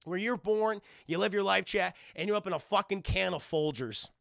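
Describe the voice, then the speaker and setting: A young man streaming, recapping a cartoon episode to his live chat in a rambling, profane, animated way. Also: sits high, moderate pace, creaky, no room sound.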